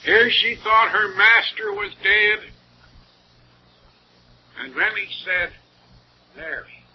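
A man preaching a sermon and reading scripture aloud, with slow, emphatic delivery and wide swings in pitch and loudness. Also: fairly even intonation, slightly rough. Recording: dull lo-fi recording with faint hiss.

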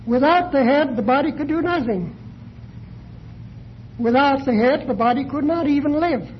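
A man preaching a sermon, measured and deliberate, posing questions to his listeners. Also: very high voice, dull audio, a little hiss or hum.

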